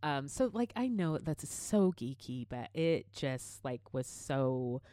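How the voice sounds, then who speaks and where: A middle-aged woman with a notably low voice tells stories in a loose, chatty way. She fills her talk with "like" and "um" and swears freely. The recording is dry and close, with no room around it. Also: takes it slowly, no echo. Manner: animated storyteller, swears freely, many fillers. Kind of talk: casual chat.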